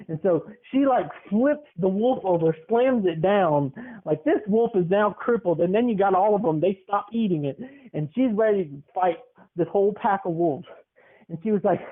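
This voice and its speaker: A man spins a rambling comic tale on a podcast and keeps laughing as he goes. His voice sits high. The audio is thin and tinny, like a phone line. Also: normal speed. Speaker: podcast co-host. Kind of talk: comedic storytelling.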